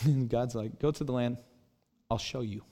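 A middle-aged man preaching a sermon as pastor, telling a personal story and acting out the dialogue, swinging between quiet and loud. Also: medium pitch, steady tone, normal speed.

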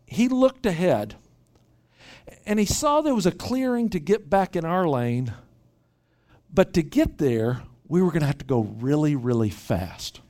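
A man preaching at a retreat, telling a lively story and often repeating words as he starts sentences. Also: fairly high pitch, unhurried. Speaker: pastor. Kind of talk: sermon with storytelling.

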